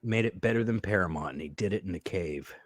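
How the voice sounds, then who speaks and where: A man co-hosting a podcast, talking excitedly and profanely about a horror film with a friend. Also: low voice, quick pace, no echo, studio quality. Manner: excitable, swears, bursts into shouts. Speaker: podcast co-host. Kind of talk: casual movie review chat.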